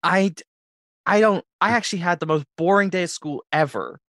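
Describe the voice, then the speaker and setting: A man's voice: high voice, no echo, studio quality. A man playing a timid young boy. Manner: hesitant, halting, soft-spoken. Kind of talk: improv comedy scene.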